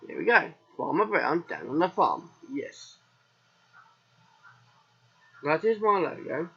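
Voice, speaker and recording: A man's voice: fairly high pitch, fairly bright tone, husky, highs cut off. A British man with a sore throat, chatting casually through a farming game as its host, rambling and answering his own questions. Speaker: let's play host.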